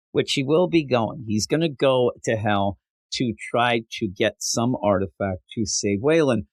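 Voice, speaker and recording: A man's voice: medium pitch, darkish tone, no echo. A man co-hosting a comic book podcast in casual chat, laughing often and acting out characters' lines. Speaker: podcast co-host.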